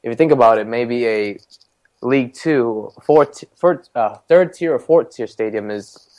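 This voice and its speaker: A man's voice: mid-range voice, a little slow, a little mellow, dull audio. A man co-hosting a football podcast, reading out weekend results in a jokey, casual way. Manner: jokey, chatty. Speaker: podcast co-host. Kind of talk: casual chat recapping league results.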